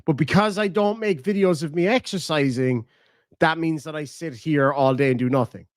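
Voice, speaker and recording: A man's voice: a little high, moderate pace, no room sound, studio quality. An Irish man hosting a live stream, mocking a rival with profane, jokey banter. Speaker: live-stream host reacting to clips. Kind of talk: casual live-stream commentary.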